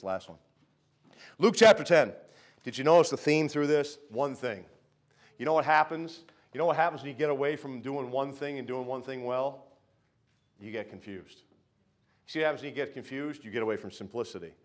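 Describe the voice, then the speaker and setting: A middle-aged man preaching a sermon in a church, conversational, swinging between loud pronouncements and muttered asides and acting out mocking quoted voices. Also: medium pitch. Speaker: pastor. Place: church sanctuary.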